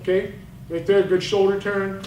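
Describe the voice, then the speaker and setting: Football coach breaking down film, blunt, fired up, highish voice, echoey room, sounds kinda far off. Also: male voice, level tone, moderate pace, a little mellow, lo-fi sound. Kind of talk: coaching clinic talk over game film. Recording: roomy, distant mic, faint noise.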